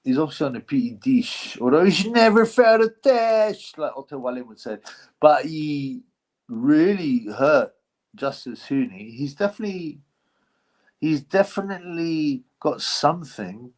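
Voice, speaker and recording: A middle-aged man hosts a live stream in a fairly high, expressive, darkish-toned voice, speaking a little slowly. He chats loosely and reads out donations, rambling with plenty of slang, free swearing and lots of fillers.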